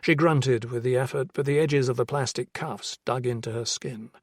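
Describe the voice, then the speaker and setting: A man narrates a crime thriller in a steady, measured way. His voice is husky, at an everyday pitch for a man. The recording is dry, with no room sound. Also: dry recording. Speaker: audiobook narrator. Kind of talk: scripted narration.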